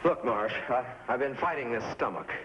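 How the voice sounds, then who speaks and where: An actor playing an anxious, irritable male cartoonist who complains about his health and flares into shouting in a 1950s TV drama. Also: medium pitch, lightly acted. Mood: complaining. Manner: complaining, quick to anger, shouting at times. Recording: dull old TV soundtrack with faint hiss.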